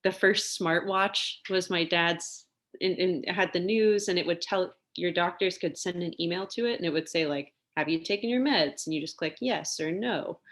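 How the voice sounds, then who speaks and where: A young woman telling stories in a casual interview, chatty and quick to laugh, with plenty of fillers. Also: fairly low pitch, a bit bright. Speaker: interview guest, singer and lawyer.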